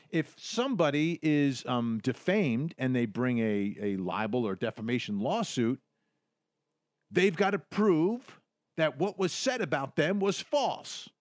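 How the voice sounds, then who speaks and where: A man's voice: fairly high pitch, no echo, studio quality. A man from the United States hosting a legal commentary show, emphatic and repeating phrases to drive his points home. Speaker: host.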